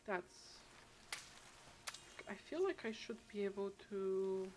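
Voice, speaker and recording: A woman's voice: medium pitch, takes it slowly. A woman streaming a game, chatting casually and thinking aloud with many restarts and trailing thoughts. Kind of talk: casual gameplay chat. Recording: steady background noise.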